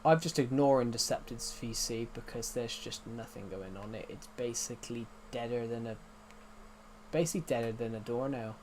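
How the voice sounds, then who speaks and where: A man's voice: medium pitch, normal speed, darkish tone, a little hiss or hum. A young man rambling through live gaming stream commentary, talking to himself and to chat as he plays. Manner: rambling, talks to himself and chat while playing. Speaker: gaming livestreamer.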